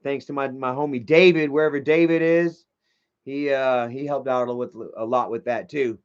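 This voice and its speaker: A man's voice: mid-range voice, steady tone, moderate pace, smooth. A man streaming live, telling a long, rambling, profane personal story and reading chat messages aloud. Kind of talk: livestream storytelling. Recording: dull lo-fi stream audio.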